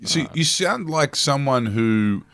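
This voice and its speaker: A man's voice: medium pitch, expressive, unhurried, fairly bright tone. A man hosting a casual podcast interview, asking questions in a joking, teasing way. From Australia. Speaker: podcast host.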